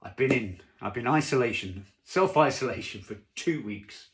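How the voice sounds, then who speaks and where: A man's voice: mid-range voice, animated, moderate pace, natural voice. A man doing a pushy hungry diner. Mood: insistent. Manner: insistent, impatient. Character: demanding hungry male restaurant customer.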